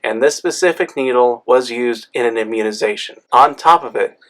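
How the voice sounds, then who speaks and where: Man, mid-pitched, reflective vlogger who often laughs at himself; natural storytelling read. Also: normal speed, fairly bright tone. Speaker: pharmacist vlogger. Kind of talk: candid storytelling monologue.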